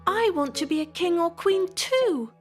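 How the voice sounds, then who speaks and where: A woman voicing a tiny young girl piglet, eager to join in, in a storybook cartoon with a small, slow, wide-eyed voice. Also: very high-pitched, expressive, soft background music, voice pushed up. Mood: wistful.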